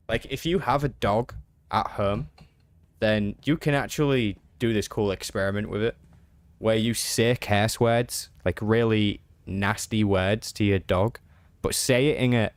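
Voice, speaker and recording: Low-voiced English man chatting on stream. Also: no echo. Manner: easygoing, reads and answers chat aloud. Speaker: game streamer. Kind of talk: casual live-stream chat.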